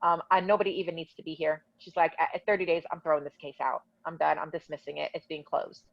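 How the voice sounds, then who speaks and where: A woman tells her own story in a casual interview, her voice on the lower side and her tone indignant and heated. The sound is dull and lo-fi. It is very dry, with no room at all. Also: steady tone, fast, creaky, no room sound. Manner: heated, indignant retelling with quoted dialogue. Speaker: guest telling her story.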